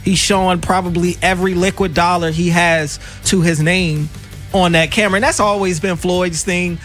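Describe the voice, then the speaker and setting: A high-pitched man with a Baltimore accent talks sports on the radio in animated, emphatic bursts, full of quick asides. Faint music plays under his voice in the studio. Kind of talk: casual sports radio banter.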